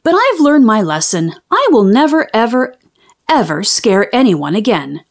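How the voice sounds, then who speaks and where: A woman reading a storybook aloud, voicing a mischievous little male spider prankster with a high, giggly, squeaky voice. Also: sing-song, a little slow, heavily acted. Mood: relieved. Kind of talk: reading a children's book aloud.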